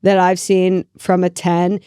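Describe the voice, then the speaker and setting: A woman in her thirties co-hosting a chat show, animated and thinking aloud with lots of "like" fillers. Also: fairly low pitch, measured pace, clear, resonant tone, dry recording, studio quality. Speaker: co-host. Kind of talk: casual chat.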